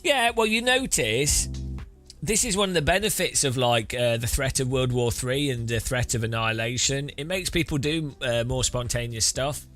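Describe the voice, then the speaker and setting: A man's voice: mid-range voice, normal speed, a bit bright, soft background music. A man rambling casually while streaming a racing game, often restarting his sentences and chuckling. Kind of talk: casual gameplay commentary.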